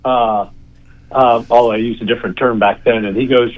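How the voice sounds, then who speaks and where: A man tells old stories from his years running a ballpark. He talks in halting bursts, restarting sentences and leaning on fillers. His voice is mid-pitched, and the sound is dull and lo-fi. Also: steady tone. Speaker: former ballpark executive. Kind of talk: reminiscing casual chat.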